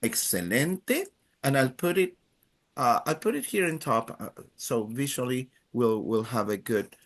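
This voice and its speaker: A man's voice: medium pitch, very animated, unhurried. A man teaching a live Spanish class, drilling students by counting in and praising each answer.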